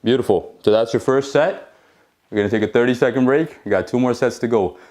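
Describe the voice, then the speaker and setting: A man's voice: medium pitch, a little fast, a little mellow. A man leading a home workout, encouraging, counting reps and checking in with "okay?" as he exercises along. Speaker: fitness instructor.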